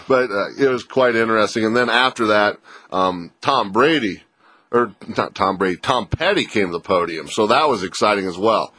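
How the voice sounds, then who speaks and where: A man's voice: lowish voice, moderate pace, sharp tone. Rambling joking sports radio co-host man. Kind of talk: casual sports radio banter.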